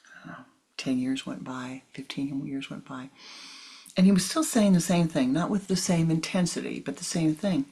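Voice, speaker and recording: A woman spiritual teacher giving a talk, telling a personal story, often dropping into soft whispered asides and acting out what people said. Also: low-pitched, fairly even intonation, moderate pace, husky. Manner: acts out quoted dialogue expressively.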